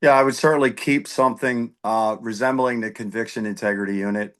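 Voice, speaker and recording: A man's voice: medium pitch, fairly even intonation, fairly quick, hardly any pauses. Guy on a zoom call answering a debate question, pushy, keeps repeating words. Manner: emphatic, repeats key words. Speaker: candidate at a forum. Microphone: video call.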